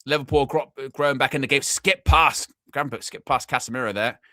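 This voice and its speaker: Excitable man hosting a football watchalong. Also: medium pitch, fairly quick, no room sound, studio quality. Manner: chatty, excitable, shouts at goals. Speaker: fan watchalong host. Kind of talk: live football watchalong commentary.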